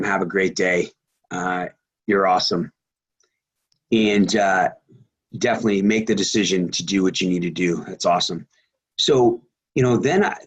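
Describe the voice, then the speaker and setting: Husky-voiced man giving a rambling pep talk. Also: fairly low pitch, poor audio. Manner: rambling, repeats words, many fillers. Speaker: team call speaker. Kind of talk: motivational team call talk. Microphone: phone or conference line.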